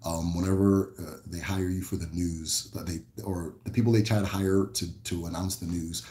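A man from the American Midwest hosting a casual livestream, answering viewer questions in a relaxed, rambling way with many fillers and restarts. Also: low voice, normal speed, reverberant.

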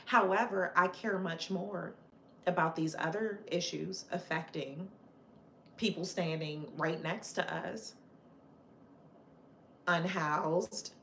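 A woman chats live with her viewers in a somewhat low voice, taking her time over each thought. She speaks with passion and firm opinions, and her talk is loose and chatty, full of fillers and restarts. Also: measured pace, fairly bright tone, reverberant, slight background noise. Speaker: livestream host chatting with viewers. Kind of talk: casual live chat.

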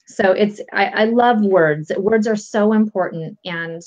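A woman guest coach calmly walking listeners through a tapping technique step by step, with a patient, explanatory manner. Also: mid-range voice, unhurried. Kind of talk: instructional explanation. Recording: lo-fi dull audio.

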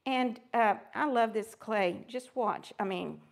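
Upbeat high-voiced woman hosting a crafting stream. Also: slow pace, vocal fry. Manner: chatty and upbeat, greeting viewers by name. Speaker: host of a live crafting stream. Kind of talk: casual live-stream chat while crafting.

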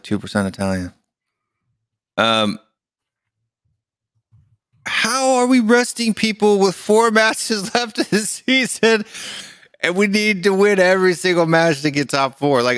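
A man's voice: on the high side, fairly bright tone, dry recording. Exasperated rambling man, dry sound. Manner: exasperated, rambling, frequent fillers. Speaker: podcast co-host. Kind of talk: casual chat.

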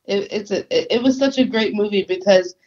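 A woman's voice: medium pitch, fairly quick. A woman with a South Jersey accent co-hosts a casual podcast, giggling often and tripping over her words as she talks. Her voice comes through slightly dull and lo-fi. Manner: giggly, expressive, stumbles and repeats words. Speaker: podcast co-host. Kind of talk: casual chat.

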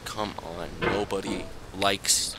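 A young man commenting on his own gameplay, pleading with himself and muttering, with sudden high yelps when things go wrong. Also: fairly even intonation, takes it slowly. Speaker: gaming channel host. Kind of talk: let's-play commentary. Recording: loud background noise.

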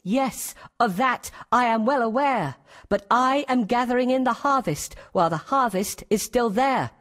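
A woman's voice: a little high, moderate pace, natural voice. A woman voicing a stern hardworking ant. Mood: scolding. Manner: stern, lecturing and earnest. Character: hardworking wise male ant. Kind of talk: cartoon voice acting.

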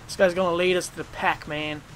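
A man commentating his own gameplay in a casual, rowdy way, swearing freely and bursting into shouts. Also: fairly high pitch, flat delivery, a little fast.

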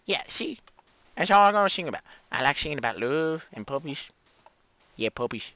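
A man's voice: on the high side, big pitch swings, a little fast, bright, forceful tone, dry recording. A man doing goofy, rambling Let's Play commentary, breaking into whiny mock-crying outbursts. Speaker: gamer, channel host.

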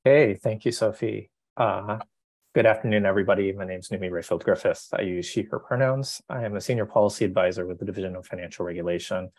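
A congested woman presenting a report at a webinar over a video call, talking with many fillers and pauses. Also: rumbling low, darkish tone, no echo. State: stuffy, congested. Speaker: policy advisor presenting a report.

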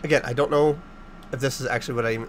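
A man hosting a casual let's-play, joking sarcastically and blurting loud startled reactions. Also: medium pitch, fairly even intonation, racing, slight background noise. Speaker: gaming channel host.

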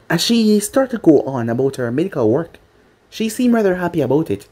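A narrator reading a fan-fiction story aloud in an expressive way. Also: mid-range voice, fairly quick.

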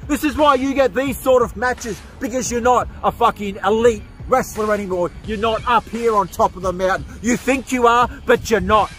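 A man giving a profane, berating wrestling promo as a wrestler, shouting at times. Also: sits high, normal speed, hardly any pauses, soft background music.

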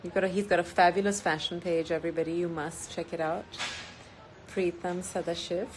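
A woman speaking in a slightly low voice, chatting to fans on a phone live stream outdoors. She reads out their comments, switches easily between English and Hindi, and fills pauses with ums. Faint open-air noise sits behind her. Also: steady tone. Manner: chatty and upbeat, with frequent ums. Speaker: singer hosting a live stream. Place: outdoors in sunny Goa.

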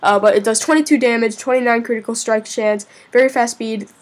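A woman's voice: a little high, steady tone, brisk. Chatty woman rambling through a game review. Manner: rambling, chatty, frequent hesitations. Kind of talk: casual gameplay commentary.

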